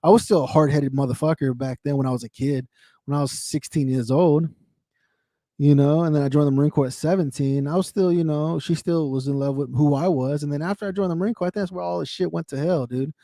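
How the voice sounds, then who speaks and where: A man talking openly to his livestream viewers, cursing often and circling back over the same points. His voice sits a bit high for a man, with a dark, mellow tone. The sound is dry and close, with no room echo. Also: fairly even intonation, fast. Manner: candid, swearing, repeats himself, talks to viewers by name. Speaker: livestream host. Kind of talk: casual emotional chat.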